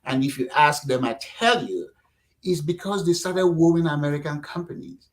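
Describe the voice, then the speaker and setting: A middle-aged man from Nigeria, talking casually as a guest, animated and acting out quotes, with lots of "you know". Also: a little high, moderate pace, low-quality recording. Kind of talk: casual interview talk.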